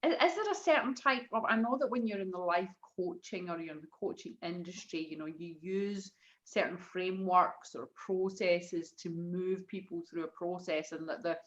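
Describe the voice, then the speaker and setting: A woman hosting a casual interview, asking questions enthusiastically and pausing on fillers. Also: fairly low pitch, muffled recording. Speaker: host.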